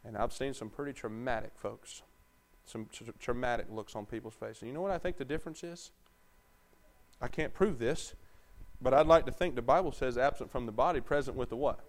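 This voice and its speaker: A man preaches briskly as pastor in a medium-pitched voice, asking the congregation to call back answers. His sermon moves from calm, conversational moments to loud, shouted ones.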